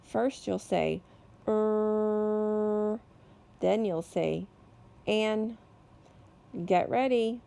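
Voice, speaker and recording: A woman teacher giving a slow, deliberate phonics lesson to young children, stretching out each sound. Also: medium pitch, gravelly, warm tone. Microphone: recorded voice-over for a whiteboard lesson video.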